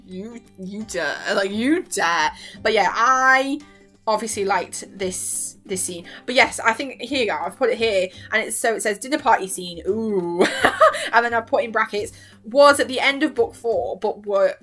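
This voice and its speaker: A woman chatting through a TV recap in a rambling, casual way. She laughs often and slips into quick quoted asides. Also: mid-range voice, pushed and bright. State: hoarse after long talking. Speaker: vlogger.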